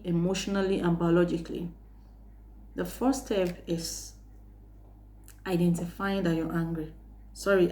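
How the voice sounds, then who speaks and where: A woman hosting a faith-based self-help talk, teaching earnestly, asking rhetorical questions and quoting Bible verses with small pauses. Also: mid-range voice, warm tone. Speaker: host giving life advice.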